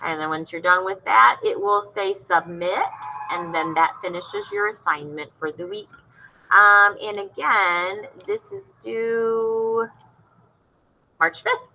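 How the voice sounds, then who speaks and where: A woman music teacher with a bright, clear tone talks young students through an online assignment. She is patient and explains each step in turn. She sounds like she is recording at her computer. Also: fairly low pitch, unhurried, rough recording.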